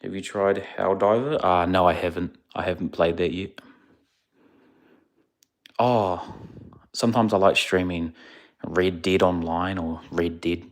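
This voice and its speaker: A man's voice: deep voice, steady tone, unhurried, pauses often. A man casually chatting on a livestream, laid-back and rambling, a little sleepy. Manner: laid-back, rambling, answers chat questions. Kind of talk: casual live-stream chat.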